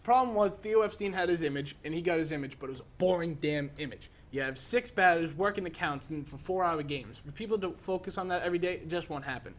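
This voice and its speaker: Young guy sports cohost, kinda high voice, talks fast, jokey. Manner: excitable, joking, talks over his partner. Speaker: co-host. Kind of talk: casual sports debate banter.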